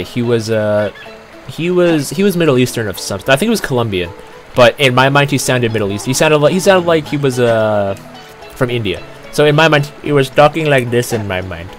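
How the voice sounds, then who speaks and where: A man's voice: mid-range voice, expressive, normal speed, faint music behind. A young Canadian man hosting a let's play, telling rambling stories in casual, laid-back commentary.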